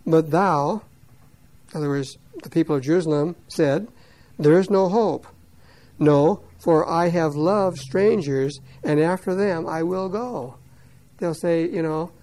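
A man teaching verse by verse, reading scripture slowly and loudly, then explaining it quickly in plain words. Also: fairly high pitch, rough recording. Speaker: Bible teacher. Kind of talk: verse-by-verse Bible commentary.

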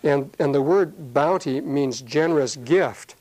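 A man with a slightly higher voice teaches a Bible passage verse by verse. He talks in a relaxed, conversational way, full of fillers. When he reads the scripture aloud he slows down and draws out the words. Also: rough recording.

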